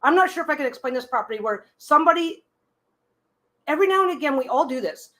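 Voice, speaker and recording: A woman's voice: high-pitched, expressive, fast talker, pushed and bright. A woman reading tarot cards on a casual live stream. She gives chatty, reassuring advice, often restarting and repeating her phrases.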